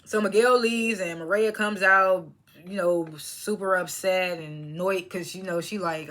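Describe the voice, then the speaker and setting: Bright-voiced woman chatting through a recap. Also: fairly low pitch, steady tone, a little slow. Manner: chatty, laughs often, strings thoughts with fillers; talks while chewing snacks. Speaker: TV episode reviewer. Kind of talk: casual recap monologue.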